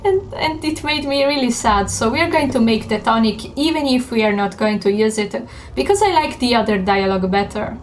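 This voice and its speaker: A woman streamer giving gaming stream commentary, chatty and unhurried with many fillers. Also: a little high, lively intonation, a little hiss or hum. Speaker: game streamer.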